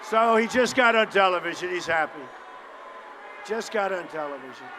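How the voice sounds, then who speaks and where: A political candidate with a fairly high voice gives a campaign rally speech at a podium microphone in a large indoor venue, his words ringing through the hall's long echo over a background crowd. Speaking at a moderate pace with lively intonation, he is boastful, leaning on short, punchy repeated phrases and occasionally bursting into shouts.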